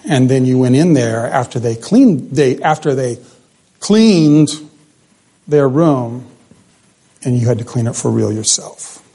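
This preacher has a mid-range voice with a breathy edge and keeps a moderate pace. In his animated sermon, he asks the congregation rhetorical questions while his voice rises and falls.

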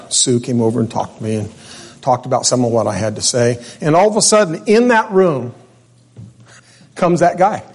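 A man preaching a sermon to a congregation in church, telling a personal story with feeling and slowing down to stretch out the key words. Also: medium pitch, darkish tone. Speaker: pastor. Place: church service before a congregation.

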